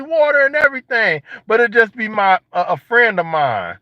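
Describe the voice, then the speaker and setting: A young man casually joking and riffing to his viewers in a vlog, slangy and animated. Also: very high-pitched, moderate pace, few pauses, no room sound. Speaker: vlogger. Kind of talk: casual monologue to camera. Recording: dull lo-fi sound.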